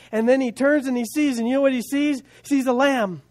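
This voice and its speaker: A male pastor preaching a sermon, building emphasis with rhetorical questions and dropping to quiet asides. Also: very high voice, lively intonation, brisk.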